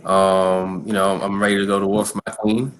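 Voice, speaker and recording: A man in a casual podcast chat, relaxed and agreeable. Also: sits low, normal speed, a little hiss or hum. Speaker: podcast panelist.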